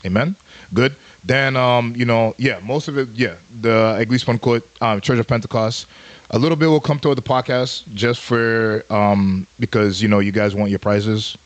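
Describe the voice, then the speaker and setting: A man's voice: medium pitch, steady tone, moderate pace. Brief: male podcast co-host, easygoing and jokey, loops catchphrases. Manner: playful, repeats catchphrases. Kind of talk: casual chat.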